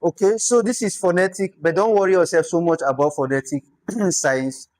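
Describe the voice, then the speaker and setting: A man with a Nigerian accent, a native Tyap speaker, patiently teaching a language lesson and pausing to repeat and demonstrate sounds. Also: sits high, darkish tone. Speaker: language instructor.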